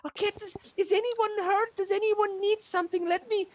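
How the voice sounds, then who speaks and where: A man's voice: extremely high pitch, fairly even intonation, moderate pace, dry recording, voice pushed up. A man voicing a fussing, hospitable halfling mother.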